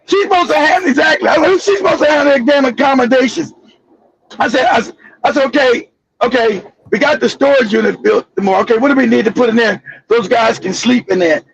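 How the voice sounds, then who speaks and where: A man hosting a casual chat, telling a long story in an animated, profane way with many restarts. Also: very high voice, fast, gravelly, highs cut off. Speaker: show host.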